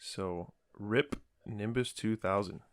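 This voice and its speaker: A man hosting a podcast, recapping a book in a relaxed, casual chat and laughing often. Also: lowish voice, takes it slowly, dry recording, studio quality. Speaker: podcast host.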